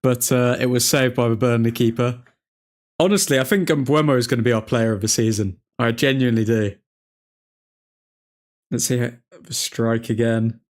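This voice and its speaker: A man hosting a live football watchalong, reacting to each chance with loud excitement and grumbling at the referee. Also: medium pitch, moderate pace. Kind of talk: live match commentary.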